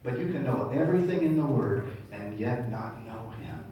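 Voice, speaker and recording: A man's voice: medium pitch, lively intonation, normal speed, dull audio, crowd noise. Male rabbi, sermon, call-and-response; roomy distant hall sound. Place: large congregation hall. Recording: echoey hall, mic far off.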